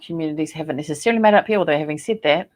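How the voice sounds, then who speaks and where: A woman from New Zealand with a New Zealand accent, a scholar telling stories in a chatty, animated way on a podcast call. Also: low voice, rapid-fire. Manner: chatty, animated storytelling with laughs. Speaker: guest, Māori scholar and poet. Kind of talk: casual podcast conversation.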